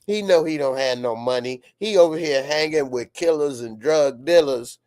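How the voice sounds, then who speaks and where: A man giving a casual, excitable reaction to a TV episode as the channel's host, laughing often and sometimes rising to shouts. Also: medium pitch, normal speed, no echo, studio quality. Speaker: TV show reviewer.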